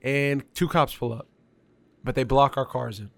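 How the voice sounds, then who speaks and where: A man's voice: mid-range voice, fairly even intonation, moderate pace, vocal fry, dry recording. A young man hosting a casual podcast, laid-back and agreeable, laughing as he tells his own stories. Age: young adult. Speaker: podcast host. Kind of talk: casual chat.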